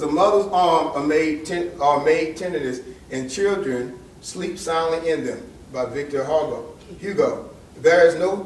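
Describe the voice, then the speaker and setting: A man in his forties gives a lecture to young men and talks to them plainly and directly, with questions to the crowd. His voice sits slightly high. It is recorded from a distance in an echoey hall with faint noise underneath. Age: 40s. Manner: conversational, direct questions to the audience.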